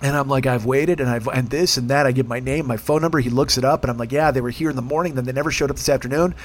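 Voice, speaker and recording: A man's voice: mid-range voice, fairly even intonation, rapid-fire. A man telling a profane, comic story as a rant, acting out the people he quotes in put-on voices. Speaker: podcast host.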